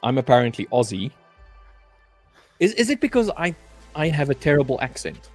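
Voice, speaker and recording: A man's voice: mid-range voice, very animated, moderate pace, dry recording, faint music behind. A man from South Africa with a South African accent, chatting and teasing on a live stream, often stumbling over and repeating his words. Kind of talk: casual banter on a live stream.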